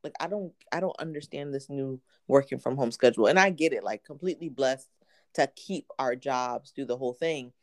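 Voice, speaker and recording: A woman's voice: very deep voice, fairly quick, darkish tone. A woman in casual conversation, talking animatedly with lots of "like" and frequent laughter. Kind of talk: casual chat.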